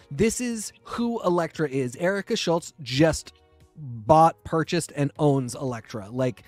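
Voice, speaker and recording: A man co-hosting a comic book podcast, talking in an earnest, animated way and quick to jump in. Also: on the high side, dry recording. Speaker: podcast co-host. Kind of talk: casual comic book chat.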